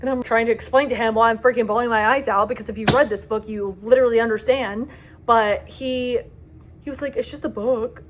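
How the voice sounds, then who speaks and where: A woman's voice: a little high, fairly even intonation, a little fast, slight background noise. A young woman giving a casual book review vlog, dramatic and gushing about the stories she loves. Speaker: book vlogger.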